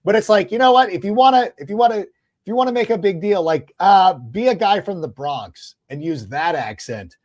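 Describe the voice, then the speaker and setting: A man hosting a sports podcast, talking casually in a lively, rambling way with restarts. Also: high-pitched, fairly quick. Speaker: podcast host.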